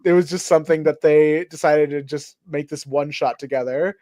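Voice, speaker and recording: A man's voice: fairly high pitch, fairly even intonation, normal speed, dark tone, dry recording, studio quality. A man hosting a casual comic review chat, rambling and full of fillers. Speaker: host.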